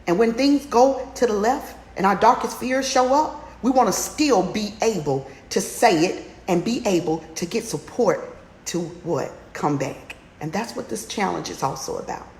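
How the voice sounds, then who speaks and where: A woman coaching a women's challenge in a motivational livestream talk, urging listeners on with fiery, repetitive exhortations that climb to near-shouts. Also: medium pitch, lively intonation, moderate pace. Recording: roomy echo with faint background noise.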